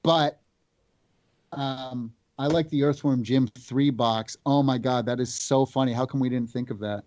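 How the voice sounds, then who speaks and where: A man, a game developer guest, telling stories in casual chat, animated and full of restarts. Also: mid-range voice, unhurried, dry recording, lo-fi sound.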